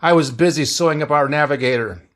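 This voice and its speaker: A man voicing a gruff, blunt male ship doctor who barks orders in a read-aloud story. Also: a little high, fast, a bit bright, lightly acted. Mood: brusque. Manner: brusque, barking orders.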